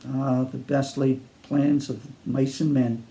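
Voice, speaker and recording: A man's voice: mid-range voice, little pitch movement, slow, gravelly, warm tone. Man reading as a gloomy, down-on-his-luck man. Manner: gloomy, polite. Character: downhearted man, lost and out of luck.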